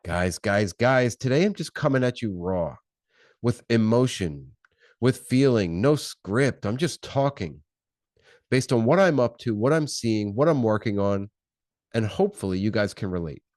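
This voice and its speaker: A man with a low-pitched voice delivers an unscripted motivational talk on his own podcast. He talks in punchy, repeated phrases and keeps firing questions at the listener. The sound is dry and close, with no room around it. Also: lively intonation, unhurried, a little mellow, no room sound. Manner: punchy, repetitive, fired-up delivery with rhetorical questions. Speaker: podcast host.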